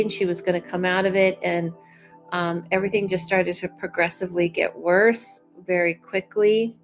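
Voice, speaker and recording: Slow, chatty woman doing a psychic reading. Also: on the low side, low-quality recording. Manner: chatty and unhurried, with many fillers. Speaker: psychic medium. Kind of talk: live-streamed reading.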